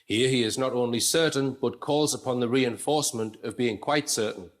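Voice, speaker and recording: A man's voice: mid-range voice, normal speed. Man giving conversational analytical commentary. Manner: conversational, explaining with asides and restarts. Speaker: presenter.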